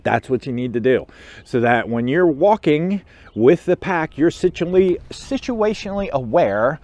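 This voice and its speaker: A man hosting his own channel, telling a story in a casual, animated way and acting out the other people in it. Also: fairly high pitch, a little slow. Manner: animated storyteller who acts out quotes and chuckles. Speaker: motorcycle club officer and channel host.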